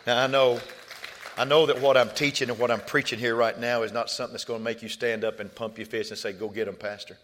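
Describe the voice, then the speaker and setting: A middle-aged man, a pastor, preaching a sermon with call-and-response, surging loud and then dropping soft. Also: medium pitch, level tone, fast talker.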